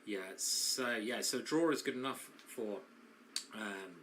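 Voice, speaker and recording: A man's voice: lowish voice, slow, a bit bright, slight background noise. A man commentating live on a chess tournament, chatty and self-mocking, who often breaks into laughter while bantering with his co-host.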